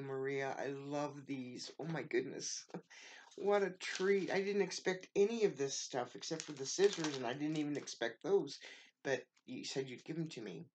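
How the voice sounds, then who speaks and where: A woman's voice: low voice, a little mellow, a little hiss or hum. A woman from the United States, a craft vlogger, opening a package in a casual show-and-tell and gushing with thanks over every piece.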